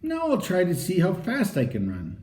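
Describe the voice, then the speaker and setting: An earnest, modest boy runner, read by a man speaks plainly and politely, with quiet determination. His voice is mellow, and the storybook reading has a roomy echo. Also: high voice, huge pitch swings, moderate pace, voice pushed up.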